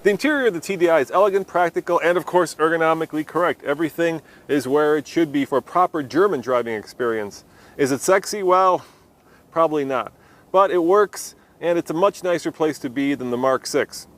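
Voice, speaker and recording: A man's voice: fairly high pitch, fairly quick, fairly bright tone. A man hosting a casual car review from inside a car, talking in an upbeat, joking way. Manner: jokey, upbeat. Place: inside a car on city streets.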